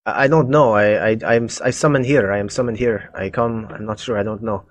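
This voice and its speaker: Casting: a man playing a panicky captive cultist, halting, slight foreign lilt. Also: lowish voice, steady tone, no echo, lightly acted. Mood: frightened. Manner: stammering, pleading broken English. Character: nervous captured male cultist with a slight Russian accent.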